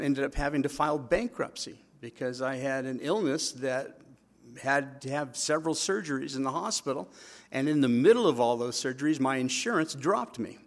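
A man pastor preaching a sermon, acting out quotes with lively asides. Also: medium pitch.

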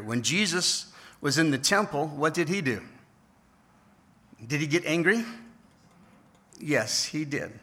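A middle-aged pastor preaching a conversational sermon, asking the congregation rhetorical questions. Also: male voice, mid-range voice, pushed and bright.

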